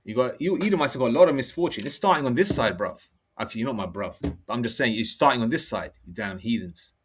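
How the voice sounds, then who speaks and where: A man's voice: mid-range voice, lively intonation, background noise. A middle-aged man with a British accent, preaching in a loose, profane monologue and checking in with his listeners. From United Kingdom. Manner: blunt and profane, with frequent "okay?" and "all right?" check-ins; reads scripture aloud slowly. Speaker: religious preacher.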